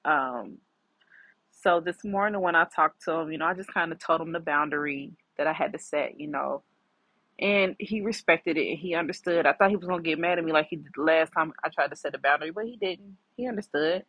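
A woman's voice: deep voice, a little fast, fairly bright tone, no echo, poor audio. A middle-aged woman hosting a podcast, candidly and reflectively telling a personal story with many fillers. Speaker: podcast host.

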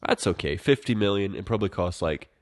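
A man's voice: lowish voice, lively intonation, fast talker, dry recording, clean studio sound. A man co-hosting a casual film-review podcast, rambling and swearing as he retells the plot. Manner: rambling, profane, acts out characters in quotes. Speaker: podcast co-host.

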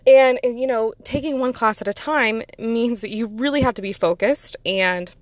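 A woman's voice: on the high side, normal speed, dry recording. A woman, chatting casually and rambling, laughing often at herself. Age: 30s. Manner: giggly, rambling, self-deprecating. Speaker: podcast host. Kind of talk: casual personal chat.

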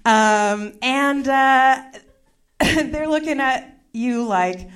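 A young woman telling a self-mocking story in a stand-up comedy set, with quick asides to the crowd. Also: high-pitched, a bit bright, smooth.

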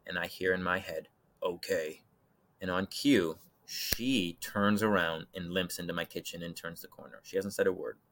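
A young man telling a personal eerie story as a podcast guest, animated, acting out voices and swinging from loud to hushed. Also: low voice, normal speed, a little hiss or hum. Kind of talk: dramatic storytelling in conversation.

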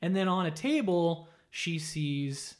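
At a slow pace, a man with a slightly high voice loosely recounts a video game story, swearing freely. His animated telling includes acting out what the characters say.

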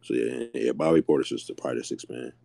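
A man co-hosting a podcast, talking basketball in a laid-back way with drawn-out fillers. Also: very deep voice, gravelly, mellow, no echo, clean studio sound. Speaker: podcast co-host. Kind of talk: casual sports chat.

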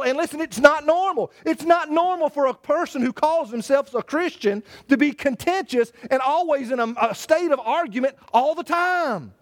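A man preaching a sermon in an animated way, stammering and restarting, and acting out the voices he quotes. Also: extremely high pitch. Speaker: pastor.

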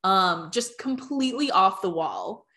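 A young woman co-hosts a casual podcast at an ordinary mid pitch. She chats in an easygoing, agreeable way and drops plenty of "like" fillers as she goes. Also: very animated, a little slow, sharp tone. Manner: chatty, agreeable, frequent "like" fillers. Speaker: podcast co-host. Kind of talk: casual chat.

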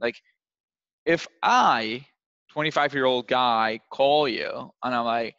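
Young male sales trainer, lively coaching delivery that slips into acted calls, dry and slightly dull recording. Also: medium pitch, takes it slowly, creaky, clear, resonant tone, no echo. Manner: animated, acts out phone calls in different voices. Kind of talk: coaching session on cold calling.

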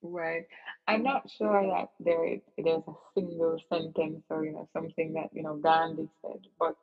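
Brief: woman guest, earnest and reflective, gravelly voice, dull lo-fi recording. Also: low voice, level tone, moderate pace, soft background music. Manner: earnest, reflective, with frequent fillers and restarts. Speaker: interview guest. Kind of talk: personal storytelling in casual chat.

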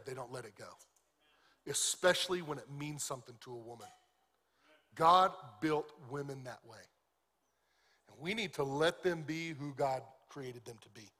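A male pastor preaches in a loose, animated, conversational way and slips in jokes. His voice sits a little high and sounds bright and forceful. The delivery stays lively and informal throughout. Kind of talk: sermon.

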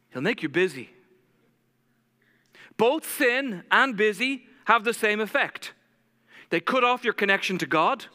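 Intense fast-talking pastor, hall reverb. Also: male voice, high-pitched. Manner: intense, fast-talking preacher who drops to a soft hush for scripture. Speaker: lead pastor. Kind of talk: sermon. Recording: long church hall reverb.

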